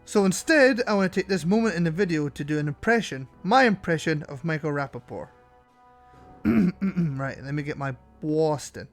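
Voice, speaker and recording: A man's voice: a little high, animated, normal speed, soft background music. A man narrating gameplay commentary as a channel host, wry and self-mocking.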